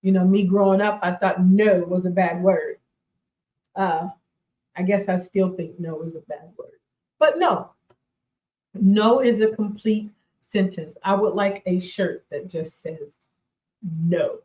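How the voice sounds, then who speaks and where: A woman in her forties hosts a radio talk show, her voice sitting at a middle pitch. She speaks slowly and emphatically, repeating her points and laughing often. The room gives her voice a noticeable echo. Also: mellow. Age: 40s. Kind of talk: casual motivational talk.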